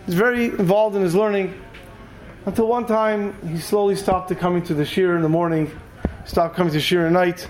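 A man teaching a Torah class who tells animated stories and acts out the characters. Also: high voice, a little fast, a little hiss or hum, low-quality recording. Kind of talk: storytelling lecture.

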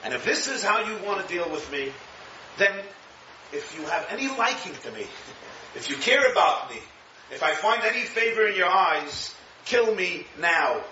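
Man, rabbi, high bright voice, lively Torah lecture, echoey room. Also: normal speed, slight background noise. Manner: animated, acts out quotes, chuckles at own jokes. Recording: echoey room, distant mic, dull sound.

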